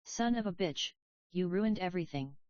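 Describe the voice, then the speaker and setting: A woman's voice: on the low side, animated, normal speed, darkish tone, no room sound, lightly acted. A woman reading a hissing villain butler. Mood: venomous. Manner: hissing, venomous. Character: cruel scheming male butler villain. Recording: dry, slightly dull audio.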